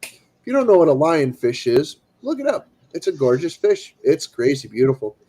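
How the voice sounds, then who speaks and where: A man in a casual stream with a voice pitched a little above the usual. He rambles through a story with restarts and acts out the people in it. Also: moderate pace, slightly rough, rough recording. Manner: animated, acts out quoted people.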